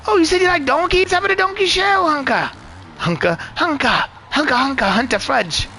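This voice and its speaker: Brief: man doing a bragging fake-Australian dirt bike racer, shrill and bright, loud trash talk. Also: fairly quick, soft background music, full character voice. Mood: taunting. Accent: put-on Australian. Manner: taunting, shouted boasts. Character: cocky trash-talking young male motocross rival.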